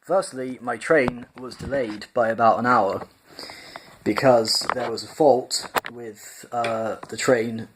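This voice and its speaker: A man's voice: medium pitch, fairly even intonation, slow pace, background noise. A man hosting a casual storytime, reading a book and chatting in a rambling way. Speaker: storyteller, channel host.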